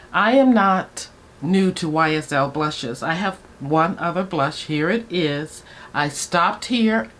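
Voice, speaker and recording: Woman, 60s, beauty vlogger. Unhurried, gushing get-ready-with-me chat, light background hiss. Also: lowish voice. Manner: chatty, excitable, talks to viewers as "guys".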